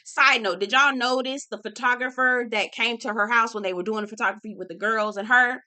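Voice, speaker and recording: A woman's voice: a little high, steady tone, fairly quick, bright, forceful tone. A young woman hosting a reality TV recap, talking candidly and casually to her viewers, swearing freely and calling them "girl" and "y'all". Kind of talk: casual chat.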